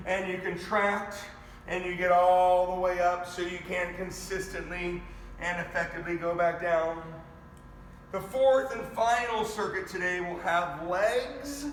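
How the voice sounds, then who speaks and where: A man coaching a live online workout, energetic and counting reps aloud as he talks straight to viewers. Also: high voice, a little hiss or hum. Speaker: fitness coach. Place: garage home gym. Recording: echoey room with faint ambience.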